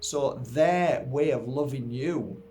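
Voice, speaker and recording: A man's voice: medium pitch, slow, warm tone. A middle-aged man from Yorkshire, England, giving an earnest, reflective personal talk to viewers as an energy healer. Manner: earnest, heartfelt, musing. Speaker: energy healer and spiritual teacher.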